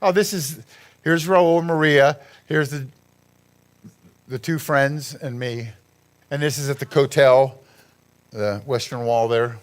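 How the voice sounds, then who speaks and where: A man's voice: medium pitch, steady tone, slow, long pauses. A man giving a rambling, chatty talk over a slideshow, laughing at his own jokes. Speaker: guest speaker at a church gathering.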